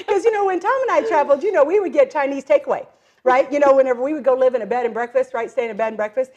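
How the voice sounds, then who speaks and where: Chatty woman telling lively stories. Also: high-pitched, racing. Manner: lively storyteller who acts out quoted voices and laughs often; many fillers like "um" and "like". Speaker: guest, direct-selling entrepreneur. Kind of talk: casual interview conversation.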